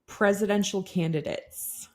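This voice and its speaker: A woman's voice: mid-range voice, steady tone, measured pace, a little mellow. A young woman co-hosting a podcast, chatting casually and gushing with frequent giggles. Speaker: podcast co-host. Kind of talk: casual chat.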